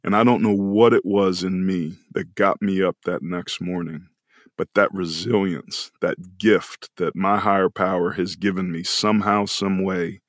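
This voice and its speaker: Deep-voiced man telling an earnest story. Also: steady tone, dry recording, studio quality. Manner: earnest and emotional, slowing down on key moments. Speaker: podcast guest. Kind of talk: personal storytelling in conversation.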